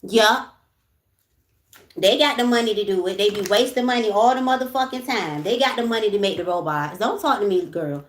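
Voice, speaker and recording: A woman's voice: mid-range voice, moderate pace, echoey room. A woman hosting a casual livestream, talking bluntly with lots of swearing, moving between ranting and soothing her viewers. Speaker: livestream host.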